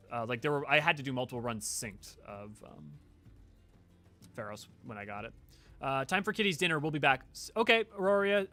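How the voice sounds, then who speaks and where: Bright-voiced enthusiastic man streaming a game. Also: mid-range voice. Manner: enthusiastic, rambling with frequent restarts. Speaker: game streamer and lore creator. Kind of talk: casual gameplay chat with viewers.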